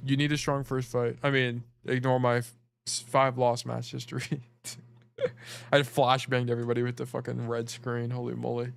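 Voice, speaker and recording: A man's voice: mid-range voice, little pitch movement, normal speed, vocal fry. A man coaching players over a casual livestream, rambling, joking and swearing as he talks. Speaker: game coach.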